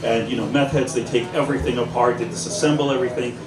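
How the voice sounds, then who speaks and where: A former police officer tells funny stories to a live audience at a busy indoor pub, acting out the dialogue in a mid-range, steady voice at a quick pace. The recording is echoey and distant, with crowd noise around him.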